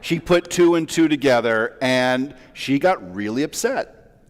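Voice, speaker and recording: Chatty rabbi in a reverberant hall. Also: male voice, mid-range voice, animated, a little slow. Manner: chatty, self-deprecating, with many fillers and asides. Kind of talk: conversational sermon storytelling. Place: large synagogue sanctuary. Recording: long reverb of a large hall.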